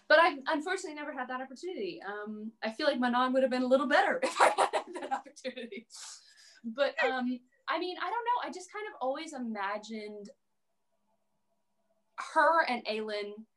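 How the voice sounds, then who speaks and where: A woman's voice: high-pitched, lively intonation, brisk, a bit bright. A young adult woman guest on a podcast, chatting casually about cosplay, peppering her talk with "like" and laughing often. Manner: chatty, heavy use of "like", frequent laughs. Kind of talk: casual interview chat.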